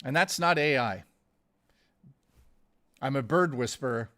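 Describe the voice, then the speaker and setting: A man's voice: medium pitch, a little slow, bright, forceful tone. A man streaming live, chatting casually and ramblingly with viewers, swearing often and calling them dude and guys. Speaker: gaming streamer.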